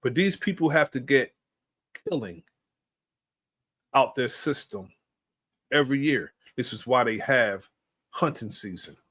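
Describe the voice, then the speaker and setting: A man comments in a casual, ranting way. He is blunt and curses freely. His voice sits at a middle pitch. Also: animated, unhurried, pauses often, fairly bright tone, slightly rough.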